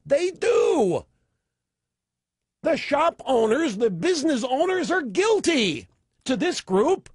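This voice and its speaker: A man's voice: very high-pitched, very animated, slow pace, long pauses, no echo, studio quality. A man hosting a radio talk show, delivering an opinionated monologue with sarcastic, mocking asides.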